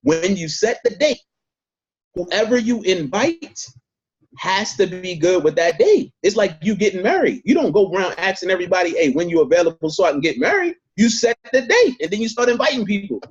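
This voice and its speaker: A man's voice: sits high, expressive, moderate pace, breathy edge, highs cut off. A man leading a network marketing training on a video call, emphatic and repetitive, speaking straight to his group. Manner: emphatic, repeats points, talks straight to the group.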